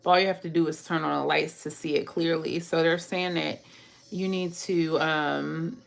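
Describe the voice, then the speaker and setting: A woman's voice: sits low, steady tone, normal speed, vocal fry. A woman giving a casual tarot reading who talks straight to her viewers, chats freely and laughs often. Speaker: tarot reader.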